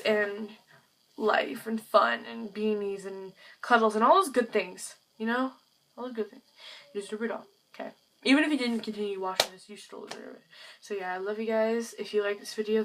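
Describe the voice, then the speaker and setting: A woman's voice: medium pitch, fairly bright tone, far from the mic, low-quality recording. A teenage girl chatting to camera in a vlog, gushing and chatty, with lots of fillers. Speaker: vlogger. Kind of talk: casual chat to camera.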